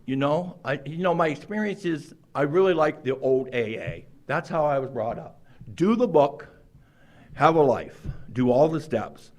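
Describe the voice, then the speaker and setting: A man in his sixties telling his own recovery story to a meeting, acting out quoted lines with sudden jumps in pitch and loudness. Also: animated, a little slow. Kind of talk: personal recovery story told to a group.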